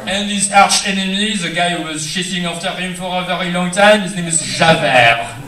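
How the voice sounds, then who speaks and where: Filipino stand-up comic in an echoey theater. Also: male voice, high voice, moderate pace. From Philippines. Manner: chatty, with many "you know" and "uh" fillers. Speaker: stand-up comedian. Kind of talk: stand-up comedy set. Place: theater stage. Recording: echoey theater, far mic, loud laughing crowd.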